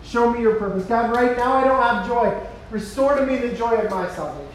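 A man preaching a sermon as a pastor, swinging between loud impassioned cries and hushed low passages. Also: expressive, fairly quick, a little hiss or hum. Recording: echoey hall from far off.

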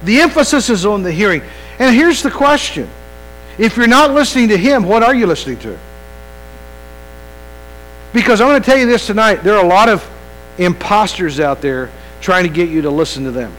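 A high-voiced man preaches to his congregation in a loose, conversational way, stumbling over restarts and asking them direct questions. A low electrical hum runs under the whole recording. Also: expressive, a little fast, long pauses, a bit bright, rough recording. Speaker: pastor. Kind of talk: evening sermon. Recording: mains hum behind.

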